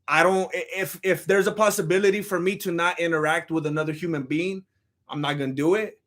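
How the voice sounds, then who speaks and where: A man's voice: fairly high pitch, steady tone, fairly quick, fairly bright tone. A man streaming live, chatting to his audience in a rambling, self-deprecating, laid-back way. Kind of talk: casual live-stream chat.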